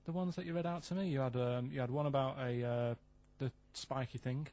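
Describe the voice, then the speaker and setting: A man on a radio talk show, telling stories in a plain, rambling, deadpan way. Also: medium pitch, brisk. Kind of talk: casual radio chat, storytelling. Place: radio studio. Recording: dull lo-fi radio recording.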